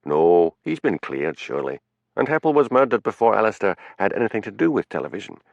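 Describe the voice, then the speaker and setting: A man's voice: lowish voice, sing-song, a little fast, vocal fry, dry recording, lo-fi sound. A man doing a dry village policeman. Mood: probing.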